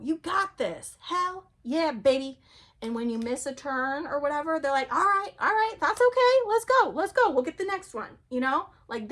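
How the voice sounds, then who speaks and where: In a loose, wandering vlog, a woman talks about spirituality in a medium-pitched voice. She's chatty and lively, though now and then her voice sinks almost to a whisper.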